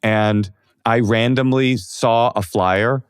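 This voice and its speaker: A man in his forties from Oakland, a comedian guest telling self-deprecating stories in a casual interview, animated and full of fillers. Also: mid-range voice, takes it slowly, clean tone, dry recording, clean studio sound. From Oakland, California.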